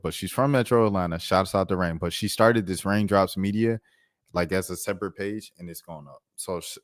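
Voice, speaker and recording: A man hosting a casual live commentary stream, talking in an animated, mocking way. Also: deep voice. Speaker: commentary channel host.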